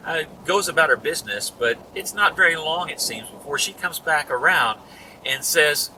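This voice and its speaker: A man's voice: a little high, lively intonation, normal speed, bright, forceful tone. A man preaching a sermon in a church, conversational, acting out the voices of people in the story. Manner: conversational, retells scenes with acted voices. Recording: distant mic with room noise.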